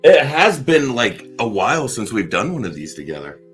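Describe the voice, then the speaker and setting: A man banters on a live card-reading stream, teasing his co-host. His mid-pitched voice swoops up and down with lively expression. Faint music sits in the background. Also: normal speed. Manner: playful, teasing, laughs along. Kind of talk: casual live-stream chat.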